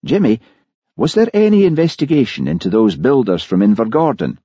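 A man voicing a shrewd, patient police constable who coaxes and presses quietly. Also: medium pitch, sing-song, brisk, breathy edge, no echo, muffled recording, pitched above the performer's own voice. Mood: coaxing.

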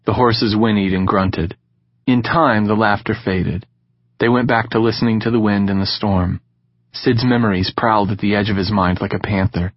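A man narrates a novel in a calm, measured voice that sits lowish and husky. The recording is dead dry and a little muffled, like a close home-studio read. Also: dry recording. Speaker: audiobook narrator. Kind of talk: scripted narration.

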